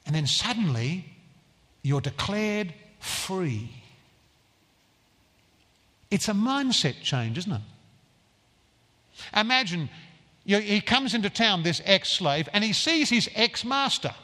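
A man preaching a sermon in a church, earnest and emphatic, stressing phrases slowly. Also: sits high, sing-song, sharp tone, big-room sound.

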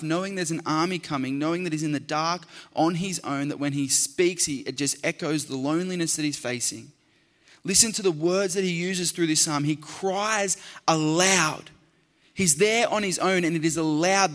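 A man delivers a sermon in a somewhat high voice. He talks his listeners through a scripture passage. He builds to passionate emphasis and repeats key phrases for weight. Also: a bit bright, big-room sound. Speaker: preacher.

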